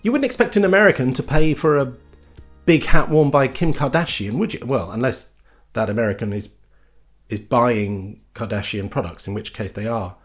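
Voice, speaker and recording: A man's voice: medium pitch, moderate pace, faint music behind. A man with a British accent delivering a scripted comic monologue with dry, sardonic mock outrage. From Britain. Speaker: comedy host.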